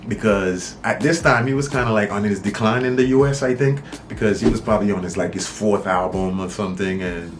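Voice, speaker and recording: A man's voice: fairly low pitch, a little fast, hardly any pauses, a little hiss or hum. A man from St. Kitts, a rapper, telling a story in a laid-back, rambling, slangy way. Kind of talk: casual storytelling vlog.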